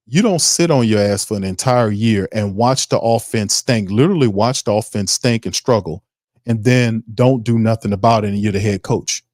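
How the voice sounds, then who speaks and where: A man's voice: mid-range voice, a little mellow, no echo, studio quality. Fired-up ranting New man. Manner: fired-up, ranting, profane, mocking impressions. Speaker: sports podcast host. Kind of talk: heated sports commentary stream.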